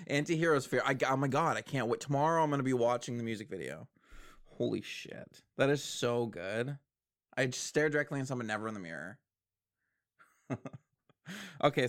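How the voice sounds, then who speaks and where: A man casually reacting to new songs, excitable, swearing often and breaking into laughter. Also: mid-range voice. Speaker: music reaction host. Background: faint music.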